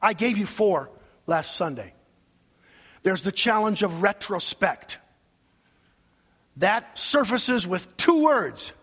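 A man's voice: high-pitched, sing-song, slow, pauses often, a bit bright, breathy edge, in a large hall. A male pastor preaching a sermon, emphatic and preacherly, leading his congregation in call-and-response.

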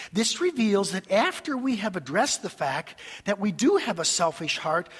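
A man preaching a sermon as pastor, acting out quotes in a lively, animated way. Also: sits high, breathy edge. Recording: long hall reverb.

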